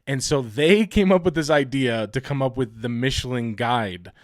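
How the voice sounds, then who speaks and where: A man's voice: mid-range voice, normal speed, no room sound, studio quality. A young man co-hosting a podcast, chatting loosely with lots of fillers and frequent laughs. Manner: laughs often, loose rambling storytelling with many fillers. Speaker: podcast co-host. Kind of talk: casual chat.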